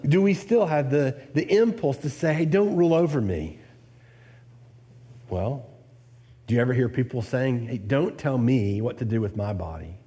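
A man delivering a sermon in a warm, mellow voice of middle pitch. He works through the text verse by verse and presses his listeners with rhetorical questions, his voice lifting on the points he stresses. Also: animated, moderate pace. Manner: expository preaching with rhetorical questions. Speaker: preacher.

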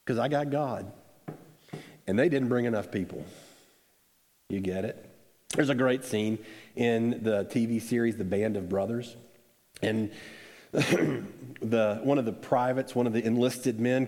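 A man preaching a sermon in a conversational, animated storytelling way, acting out quotes. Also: medium pitch. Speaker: pastor. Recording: echoey hall with long reverb.

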